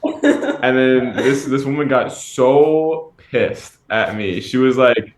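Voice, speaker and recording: A man co-hosting a podcast, chatting casually in a rambling, halting way full of fillers and restarts. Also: medium pitch, sing-song. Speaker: podcast co-host. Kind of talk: casual chat. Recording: echoey room.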